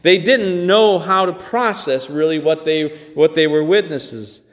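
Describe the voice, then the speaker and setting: A man delivers a sermon with earnest, halting sincerity, doubling back on words and letting out short chuckles. His voice sits a bit high for a man. The sound rings with the long reverb of a large church hall. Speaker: pastor.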